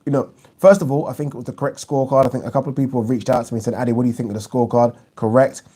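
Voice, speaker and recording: A man's voice: medium pitch, fairly even intonation, very fast, mellow. A man hosting a live boxing review, giving blunt opinions and answering viewer questions in casual, restart-filled talk. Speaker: boxing channel host.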